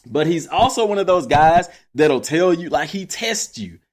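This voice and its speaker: A man's voice: fairly high pitch, normal speed. A young man from Texas, telling a personal story casually to his listeners. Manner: animated, addresses listeners as y'all. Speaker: podcast host.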